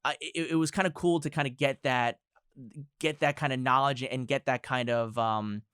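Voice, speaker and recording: A man's voice: medium pitch, fairly even intonation, normal speed, a bit bright, clear, resonant tone, no echo, clean studio sound. A young man as a podcast guest, talking in a rambling, hedging way full of filler words. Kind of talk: casual podcast chat.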